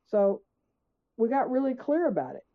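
With a slightly high voice at normal speed, a woman appearing as a guest author recounts stories in a very animated, emphatic way, acting out the questions she asked. The audio comes through a tinny, phone-like line.

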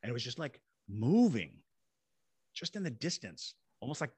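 His medium-pitched voice is husky and darkish, with big pitch swings and a moderate pace, in a dry recording. As a podcast guest, this Savannah, Georgia ghost tour guide and paranormal investigator tells an animated story, acting out voices and sound effects.

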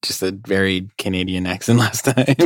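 Joking guy co-host on a podcast, lowish voice, dry sound. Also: moderate pace, no room sound. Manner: joking, teasing. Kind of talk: casual podcast banter.

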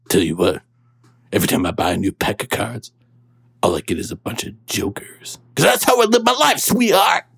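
A man's voice: on the low side, wildly swooping pitch, normal speed, vocal fry, a bit bright, husky, heavily acted. A man playing a crude, rambling shock-jock radio DJ who takes callers and laughs between his quips. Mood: brash.

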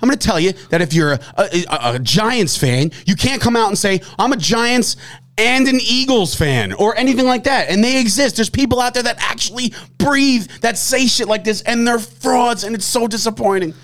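A young man, hosting a sports chat and ranting loudly and mockingly about fandom. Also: high voice, fairly quick, hardly any pauses. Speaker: sports podcast host. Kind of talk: heated casual sports chat.

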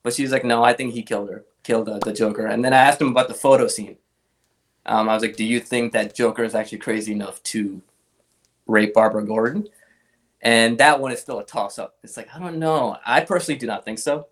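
A man's voice: medium pitch, fast talker. A young adult man, a guest on an interview show, telling casual stories about collecting comic art and acting out the voices of people he quotes. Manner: animated anecdotes, acts out quoted voices.

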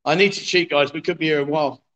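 A man's voice: fairly high pitch, steady tone, quick pace, a bit bright, highs cut off. Jokey man hosting a livestream. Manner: jokey, coaxing, chatty with viewers. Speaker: livestream host. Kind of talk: live-streamed pool game commentary. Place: bar with a pool table.

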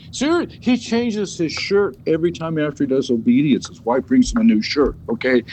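A man, a podcast guest and dog sport trainer, telling stories casually in an animated, profane way, often repeating and restarting words. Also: on the high side, moderate pace, hardly any pauses, a little hiss or hum, poor audio. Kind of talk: casual storytelling.

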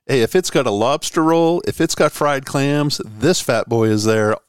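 A man from the Boston area hosts a casual podcast, telling jokey, animated stories as he chats. His voice sits in a middle pitch. The sound is dry, with no room around it. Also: moderate pace, clean tone, dry recording. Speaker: podcast host. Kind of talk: casual chat.

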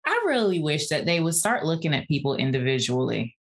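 A woman in her forties speaks as a podcast guest, passionate and talkative, drifting into casual phrases. Her voice sits a little low. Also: big pitch swings, fairly quick. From Atlanta area, USA. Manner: passionate, talkative, uses "y'all". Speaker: guest, physical therapist. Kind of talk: casual interview conversation.

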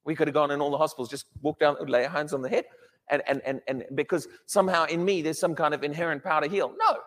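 A man preaching a sermon, emphatic and animated, often restarting his words as he builds a point. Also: on the high side, quick pace, long reverb tail.

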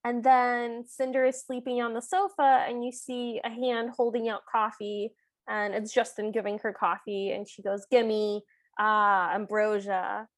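Amused, higher-voiced woman podcaster. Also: little pitch movement, unhurried, no echo. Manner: chatty, amused retelling with quoted lines. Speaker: podcast co-host. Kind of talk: casual movie recap chat.

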